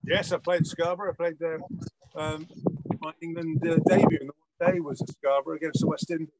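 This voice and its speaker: A man's voice: on the high side, little pitch movement, fairly quick, heavy background noise. An older man hosting a casual cookalong, telling stories while he cooks. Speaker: celebrity cook host. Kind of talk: casual chat while cooking.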